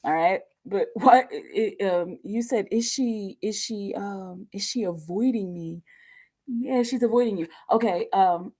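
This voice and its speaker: Woman tarot reader, casual live stream, laughs a lot, chatty and animated. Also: medium pitch, measured pace. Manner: giggly and animated, lots of fillers.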